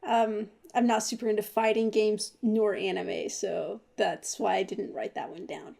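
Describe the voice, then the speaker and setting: Creaky-voiced woman co-hosting a podcast. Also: medium pitch, steady tone, a little slow, dark tone. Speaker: podcast co-host. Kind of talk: casual chat.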